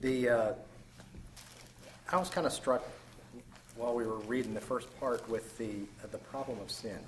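A man in a Bible study group speaking reflectively and hesitantly, with many pauses and fillers. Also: medium pitch, steady tone, a little hiss or hum, low-quality recording. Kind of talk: group discussion.

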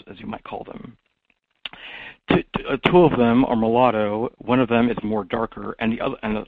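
A man with a gravelly, creaky voice rambles through a repetitive monologue. He keeps restarting words and leans on "okay?" as he pushes toward loud, sermon-like exhortation. The sound is thin and phone-like, with a dry, close room. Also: mid-range voice, no room sound. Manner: builds to loud preacher-like exhortation. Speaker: monologue speaker. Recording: tinny phone-like dry recording.

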